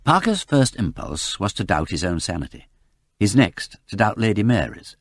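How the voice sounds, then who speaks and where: A man narrating a mystery novel aloud with animated expression. His low, slightly husky voice ranges widely in pitch. The recording is dry and close. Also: normal speed, no room sound. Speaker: audiobook reader. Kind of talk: scripted narration.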